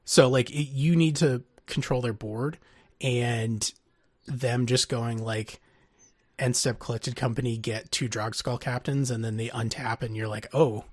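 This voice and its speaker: A man co-hosting a podcast, talking casually and haltingly about card game strategy with many pauses. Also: medium pitch, steady tone, dry recording. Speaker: podcast co-host.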